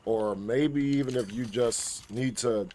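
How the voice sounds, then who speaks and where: A gaming guide creator trash-talks the things he fights and swears here and there while casually offering easygoing advice during play. His mid-range voice is mellow and slow-paced.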